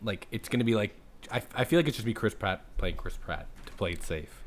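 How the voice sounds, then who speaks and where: A man's voice: on the low side, lively intonation, a little fast, a little hiss or hum. A man co-hosting a casual podcast, asking rambling questions and joking around. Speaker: podcast co-host. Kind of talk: casual chat.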